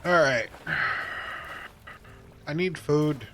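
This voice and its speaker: Bright-voiced man chatting on a stream. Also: a little high, animated, a little slow, a little hiss or hum. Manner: jokey, self-deprecating, thinks out loud. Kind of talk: casual live-stream chat.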